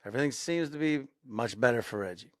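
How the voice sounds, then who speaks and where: A man's voice: medium pitch, fast, no room sound, clean studio sound. A man co-hosting a podcast, telling a story casually and building suspense, often repeating phrases for emphasis. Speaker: podcast co-host.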